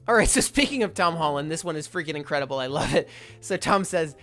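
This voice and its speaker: A woman's voice: low-pitched, lively intonation, fast, a bit bright, soft background music. A young woman hosting a comedic commentary vlog, wry and sarcastic as she reads posts aloud. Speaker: YouTube host.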